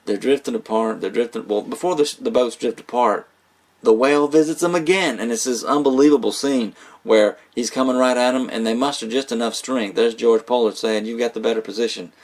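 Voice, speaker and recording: A man's voice: medium pitch, fairly quick, a little mellow. A man giving a casual spoken movie review, rambling with fillers, restarts and small laughs. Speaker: film reviewer.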